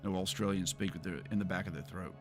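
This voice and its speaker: A man's voice: sits low, steady tone, fast talker, over music. A man with a Southern US accent chatting loosely with viewers while he streams a video game, rambling and laughing often. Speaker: gaming streamer. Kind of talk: casual livestream chat while playing.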